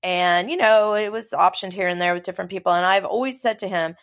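A middle-aged woman from Los Angeles, a film producer talking as a guest in a casual interview, chatty and animated. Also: mid-range voice. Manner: chatty, animated storytelling with quick asides. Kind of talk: casual conversation.

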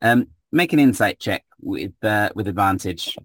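A man narrating a tabletop game as game master, relaxed and hesitant, filling pauses with ums. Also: lowish voice, breathy edge, no room sound.

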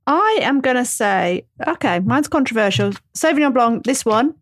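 A woman's voice: a little high, expressive, moderate pace. A woman co-hosting a podcast in casual, chirpy chat. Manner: chirpy, encouraging. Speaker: podcast co-host.

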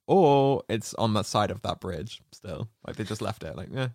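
A woman's voice: extremely low pitch, animated, moderate pace, gravelly, warm tone, dry recording, clean studio sound. A woman co-hosting a casual podcast chat, laughing a lot and making self-deprecating asides. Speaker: podcast co-host.

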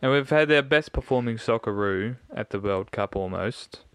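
A man's voice: medium pitch, animated, normal speed, clean tone, dry recording. A man, giving blunt, emphatic opinions as a podcast co-host in casual sports chat. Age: 20s.

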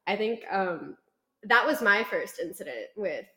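A young woman co-hosting a podcast tells a story in casual chat and acts out the people in it with lively voices. Her pitch sits in the middle range. The recording carries a roomy echo. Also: measured pace. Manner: animated storyteller, acts out quoted customers. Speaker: podcast co-host.

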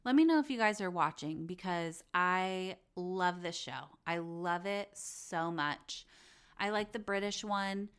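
A woman's voice: on the low side, animated, unhurried, a bit bright, clean tone. Gushing, chatty young woman host. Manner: gushing, chatty, acts out quoted voices. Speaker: podcast host. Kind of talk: casual chat about reality TV.

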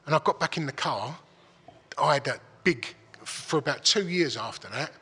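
A middle-aged man tells a rambling story, blunt and full of swearing. His voice is fairly high, bright and forceful, with a husky edge. The room has a long, echoing reverb. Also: expressive, moderate pace. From England. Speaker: guest. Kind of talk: casual storytelling.

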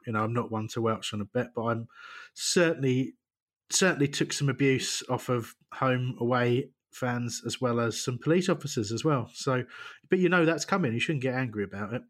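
A man co-hosting a casual football podcast, sarcastic and quick to laugh. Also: medium pitch. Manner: jokey, sarcastic, laughs often. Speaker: podcast co-host.

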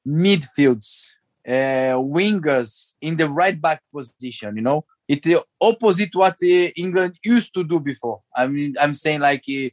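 A man from Brazil with a Brazilian Portuguese accent, a native Portuguese speaker talking as an interview guest in halting English full of restarts and fillers. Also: on the high side, animated. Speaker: interview guest, former footballer. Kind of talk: casual interview talk.

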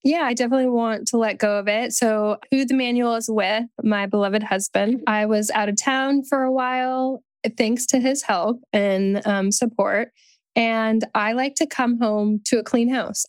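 A woman's voice: fairly high pitch, fairly even intonation, normal speed, smooth, no echo. A woman being coached on a podcast, candidly talking through her frustrations and saying "like" often. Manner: candid, venting, says "like" often. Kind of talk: casual coaching conversation.

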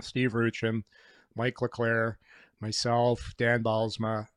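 Retired male hockey player, mid pitch, dry close sound, relaxed, halting storyteller. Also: clean tone, no echo. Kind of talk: casual chat.

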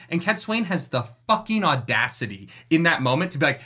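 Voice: mid-range voice, expressive, fast, few pauses, bright, forceful tone, husky. A podcast co-host in a casual book discussion, ranting with passion and plenty of swearing, acting out quoted characters. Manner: impassioned, profane ranting.

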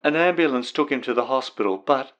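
A man's voice: medium pitch, expressive, fairly bright tone, pitched above the performer's own voice, lightly acted. Man putting on a sobbing young woman with fake American twang. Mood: tearful. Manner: sobbing, halting speech. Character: tearful young woman faking an American accent.

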